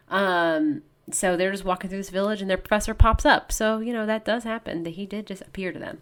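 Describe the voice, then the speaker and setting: A young woman in casual podcast chat, retelling a story with lively quoted lines from its characters. Her voice sits at an ordinary middle pitch, and she talks easily and conversationally. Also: brisk, hardly any pauses. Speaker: podcast co-host. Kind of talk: casual chat recapping a novel.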